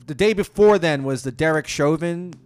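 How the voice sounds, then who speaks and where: A man's voice: fairly high pitch, moderate pace, smooth. A man co-hosting a podcast, casually telling a comedy story with laughs and swearing.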